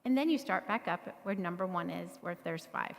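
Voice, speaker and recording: A woman's voice: on the low side, lively intonation, brisk, gravelly. A middle-aged woman leading a parenting workshop, talking conversationally to the audience and often checking in with "right?". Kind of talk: live workshop talk to an audience. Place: church meeting room. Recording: long hall reverb.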